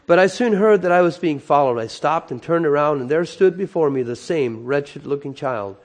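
A man's voice: on the high side, lively intonation, moderate pace. Dramatic storytelling male preacher. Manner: dramatic, emotional, swinging loud and soft. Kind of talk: sermon storytelling.

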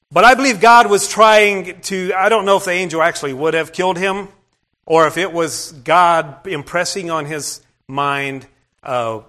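A man's voice: on the high side, fairly bright tone. A man preaching a sermon, retelling a scripture story in a plain, conversational way with asides to the congregation.

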